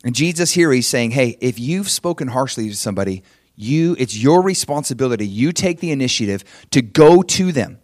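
A middle-aged male pastor preaching a sermon, swinging from loud and emphatic to soft and hushed. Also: mid-range voice, animated, a little fast, dry recording, clean studio sound.

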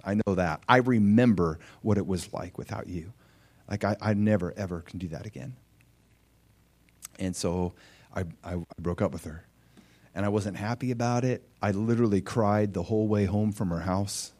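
A man preaching a sermon as a personal story, conversational with fillers and questions to the listeners, swinging from hushed tones to loud shouts. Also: on the low side, normal speed. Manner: emotional storytelling with big swings from quiet to shouting.

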